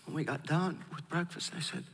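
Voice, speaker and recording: A man's voice: a little high, steady tone, brisk, a bit bright, big-room sound, a little hiss or hum. A middle-aged pastor telling personal stories as an interview guest, emotional and hesitant, often restarting his sentences.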